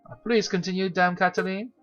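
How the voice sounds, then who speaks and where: An earnest male falcon lawyer speaks in a measured, formal manner, read out by a game player in a near-natural voice. The recording is slightly dull and lo-fi. Soft music sits in the background. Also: medium pitch, level tone, voice pushed up, natural voice.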